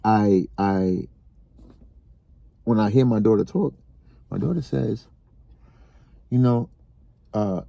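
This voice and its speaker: A man co-hosting a casual podcast conversation, telling stories in an animated way and leaping into high, excited exclaims. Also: slow pace, vocal fry, pauses often, no room sound. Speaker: podcast co-host.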